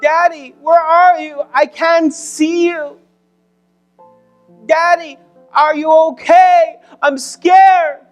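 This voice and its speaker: A preacher voicing a frightened five-year-old boy who pleads high and loud for his father. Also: steady tone, rapid-fire, hardly any pauses, soft background music. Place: church sanctuary.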